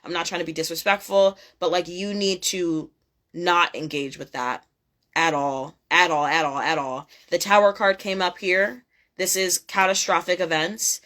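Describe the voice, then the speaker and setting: A woman's voice: on the low side, steady tone, normal speed, a bit bright. Blunt, cursing young woman reading tarot. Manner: blunt, profane, emphatic and repetitive. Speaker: tarot reader.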